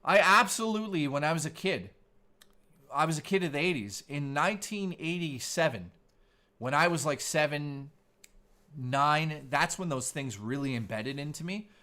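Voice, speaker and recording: A man's voice: fairly high pitch, lively intonation, normal speed, bright, forceful tone. A man in his forties, a streamer host chatting casually in a laid-back, surfer-style way. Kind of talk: casual live-stream chat.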